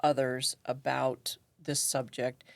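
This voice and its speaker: A middle-aged woman telling a personal story in conversation, animated and acting out what others said. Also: rumbling low, slow pace, gravelly, no room sound. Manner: animated, acts out quoted voices. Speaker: guest.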